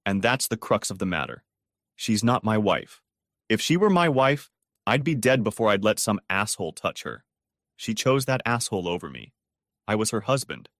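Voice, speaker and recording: A man's voice: fairly low pitch, sing-song, normal speed, fairly bright tone, no room sound, studio quality. A man playing a bitter, heartbroken mechanic who rants and answers coldly, in a storybook audio reading. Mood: angry. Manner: bitter, ranting, clipped. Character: bitter, heartbroken male mechanic, cold then angry.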